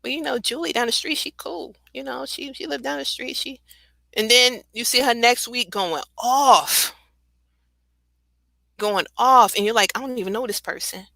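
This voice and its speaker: Impassioned woman with a bright, dry voice. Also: fairly high pitch, a little slow, creaky, no echo, rough recording. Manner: impassioned, conversational, with laughs and frequent fillers. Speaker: guest on a talk radio show. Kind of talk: casual radio commentary.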